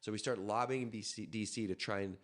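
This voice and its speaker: Man, very low voice, from Canada, podcast guest, animated storytelling, frequent restarts. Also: a little fast. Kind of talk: casual storytelling.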